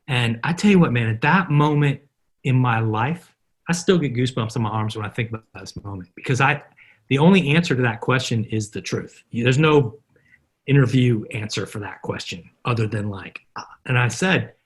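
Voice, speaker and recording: A man's voice: mid-range voice, brisk, husky. A middle-aged man, a marketer, is a podcast interview guest who tells stories and acts out the dialogue in them. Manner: animated anecdotes, acting out quoted dialogue.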